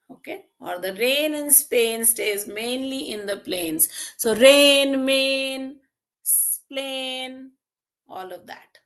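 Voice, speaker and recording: Woman, online teacher: encouraging, slow and deliberate, bright tone. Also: high-pitched. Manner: encouraging, praises students by name and asks the class questions; slow and deliberate, draws out key terms and examples. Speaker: English teacher. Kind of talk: online exam-prep lesson.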